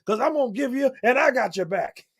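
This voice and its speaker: A man's voice: very high voice, lively intonation, fairly quick, slightly rough, voice pushed up, heavily acted. A man putting on a boastful older boxing legend who brags in rhymes. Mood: encouraging.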